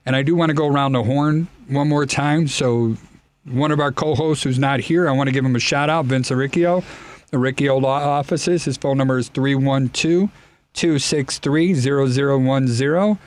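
Radio host with a Chicago accent. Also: male voice, medium pitch. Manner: friendly, brisk plugs and read-outs. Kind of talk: radio talk show hosting.

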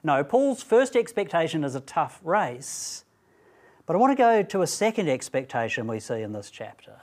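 At a student training event, a man gives a Bible talk in a somewhat high voice with big swings in pitch. He speaks deliberately and emphatically, posing rhetorical questions.

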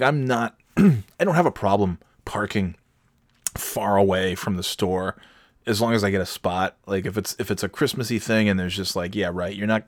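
A man's voice: fairly low pitch, no room sound, studio quality. A middle-aged man with a cough, telling a profane, self-mocking story in a casual comedic rant. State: has a cough.

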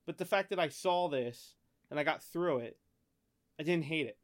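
American podcast co-host, male, a touch high in pitch, loose and rambling, curses a lot, thinks out loud. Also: moderate pace. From United States. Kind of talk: casual chat.

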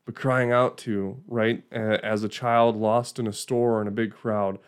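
A man's voice: lowish voice, flat delivery, measured pace, few pauses, clean tone. A man giving an informal Bible teaching in a conversational way, often checking in with "right?" and restarting phrases.

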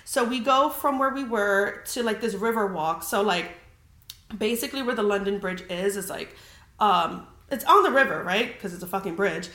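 This young adult woman hosts a podcast and tells a story conversationally, chatty, heavy on the filler "like," and cursing freely. She speaks at normal speed in a mid-range voice that's bright and forceful, over a roomy echo.

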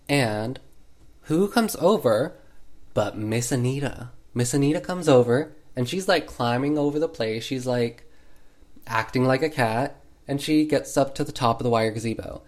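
Male host, mid-pitched, casual sarcastic film recap, lots of filler words. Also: darkish tone. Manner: sarcastic, heavy use of 'like' fillers.

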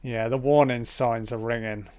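A man's voice: mid-range voice, steady tone, normal speed, a little mellow. A man giving a casual commentary over a film, reacting with profane running remarks.

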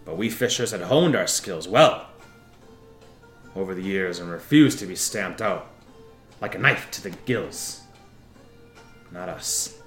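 A man narrating a tabletop game as game master, telling a character's backstory in a slow, drawn-out way with laughs and restarts. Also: deep voice, lively intonation, a bit bright, reverberant, faint music behind.

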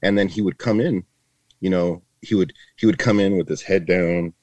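A man's voice: low voice, steady tone, normal speed, darkish tone, dry recording. A middle-aged man, a retired border patrol agent, talking in a casual interview in an earnest, rambling way with many restarts.

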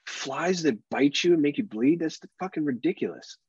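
Profane, husky-voiced dad on a podcast. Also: male voice, fairly high pitch, normal speed, no echo, dull audio. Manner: profane, animated storytelling. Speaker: podcast co-host. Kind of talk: casual chat.

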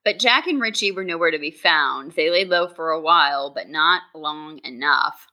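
Woman podcast co-host, bright tone, steady scripted true-crime read. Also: low voice, normal speed, rough recording. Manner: reads from a script, steady narration.

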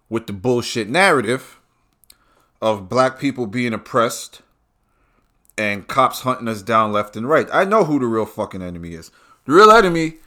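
A man's voice: mid-range voice, a bit bright. A man delivering a heated, profane and repetitive ranting monologue.

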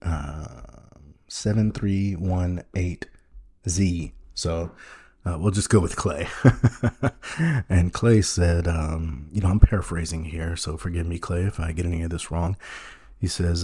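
A man with a low, husky voice hosts a podcast in a long, rambling monologue. He sounds sincere but is half joking, stalling on ums and restarting his sentences. His tone stays dark and mellow the whole way. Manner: halting, full of ums and restarts, mock-earnest. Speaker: podcast host.

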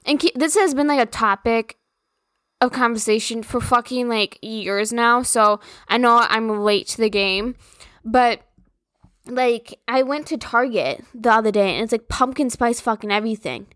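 A woman's voice: a little high, moderate pace, fairly bright tone, dry recording. A young woman, hosting a podcast and venting casually, full of swearing and filler words. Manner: profane, rambling, filler-heavy. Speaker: podcast host.

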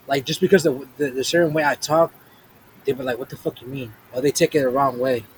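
A man's voice: medium pitch, steady tone, brisk, low-quality recording. Blunt, slangy man on a podcast. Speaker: podcast co-host. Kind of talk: casual chat. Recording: faint background noise.

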